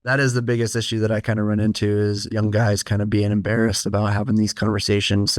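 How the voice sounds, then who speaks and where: A man with a low voice hosts this interview, his delivery flat and steady. His tone is smooth and clear, recorded close and dry. He talks to other men in an earnest, plainspoken way. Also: no echo. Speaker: host of a men's health clinic show. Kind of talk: casual interview chat.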